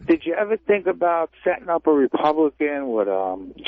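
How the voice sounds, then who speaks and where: A male caller to a radio show, speaking hesitantly and haltingly with many fillers. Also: a little high, sing-song. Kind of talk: phone-in chat. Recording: tinny phone line.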